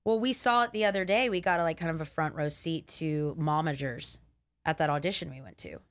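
A young woman comedian hosting a podcast, chatting casually, brash and swearing freely with quick joking asides. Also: low voice, no echo.

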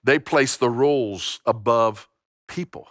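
A man's voice: medium pitch, slow pace, fairly bright tone, no echo, studio quality. A middle-aged man preaching a sermon as pastor, emphatic, repeating phrases and restarting words. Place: church sanctuary.

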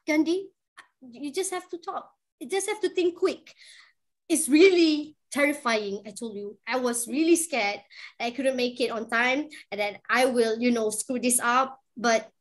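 High-voiced chatty woman. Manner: animated, chatty, with frequent "like" and "man". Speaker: guest speaker, freelance journalist. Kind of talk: casual storytelling to an online class.

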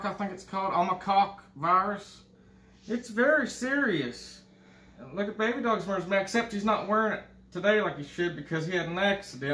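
A man's voice: high-pitched, sharp tone. A man doing a comedic impression of a crude, boastful older state governor, rambling and swearing. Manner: rambling, profane and bragging. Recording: echoey room.

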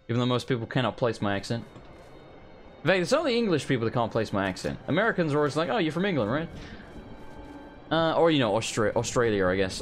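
A man hosting a let's play, giving casual gameplay commentary, joking and cursing freely. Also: mid-range voice. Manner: laughs often, swears casually.

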